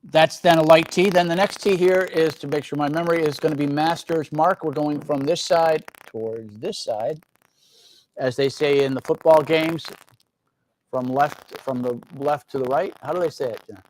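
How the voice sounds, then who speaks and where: A man's voice: a little high, normal speed, a little mellow, a little hiss or hum, poor audio. A man hosting a casual live stream about teas, talking in a loose, rambling way with many fillers and joking asides. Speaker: tea company host.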